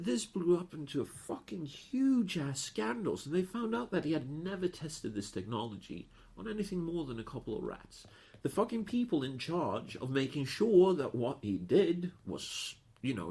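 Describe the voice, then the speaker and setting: A man's voice: mid-range voice, breathy edge. A man, co-hosting a podcast in casual chat and swearing a lot. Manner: animated, swears a lot, frequent restarts. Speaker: podcast co-host.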